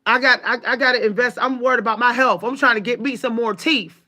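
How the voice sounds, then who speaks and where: She talks quickly, in a sharp voice on the high side, ranting angrily to the viewers of her own channel. The story comes out heated, emphatic and full of profanity.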